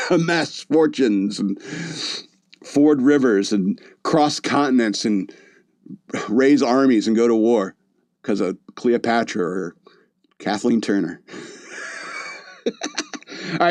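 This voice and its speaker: A man's voice: mid-range voice, darkish tone, no room sound. A man with a mid-range voice hosts a casual podcast and rambles through a movie review, full of "like" and "uh" and restarts. His voice sounds close and dry, with no room around it. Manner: rambling, loose delivery with many fillers and restarts. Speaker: podcast host.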